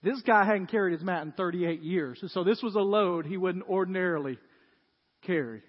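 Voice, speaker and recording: A man preaches to his congregation, his voice sitting high for a man. He slips into lively storytelling as he retells scenes. The sound is dull and carries a long church-hall reverb. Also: normal speed. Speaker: pastor. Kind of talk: sermon.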